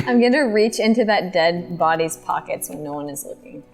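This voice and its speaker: A woman's voice: lowish voice, animated, a little slow, vocal fry, faint music behind. A woman playing a tabletop game, playful and giggly. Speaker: player. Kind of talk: casual tabletop role-play.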